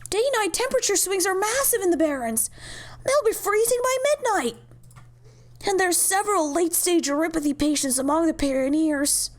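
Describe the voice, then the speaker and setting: A woman's voice: medium pitch, expressive, unhurried. A woman voicing an earnest, caring young doctor with a British accent while reading game cutscenes.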